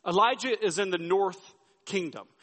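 High-voiced pastor preaching. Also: male voice, moderate pace, fairly bright tone. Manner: storytelling with folksy asides and repeated restarts. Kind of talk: sermon. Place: church sanctuary. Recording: sermon with long hall reverb.

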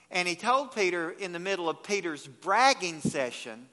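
A male pastor delivering an evening sermon, his voice high and bright as it carries through a church. He swings from hushed, slow lines to loud, urgent ones and acts out the scripture quotes, all wrapped in long hall reverb. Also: expressive.

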